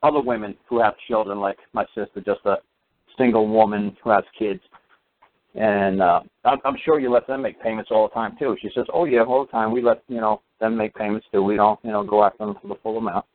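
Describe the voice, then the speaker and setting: A man's voice: lowish voice, fairly even intonation, a little fast, slight background noise. A man telling a long story in a casual, rambling way, full of fillers and restarts. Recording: tinny phone line.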